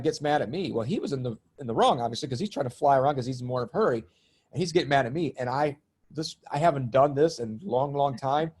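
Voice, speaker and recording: A man's voice: mid-range voice, a little mellow, husky. A middle-aged man guesting on a spiritual podcast, telling a story in casual chat and acting out his own quoted lines, with the odd swear word.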